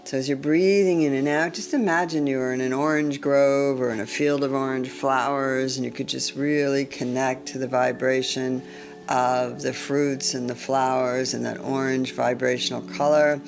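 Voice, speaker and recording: A woman leading a guided chakra meditation in a calm, gentle way, often clearing her throat. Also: rumbling low, normal speed. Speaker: meditation teacher.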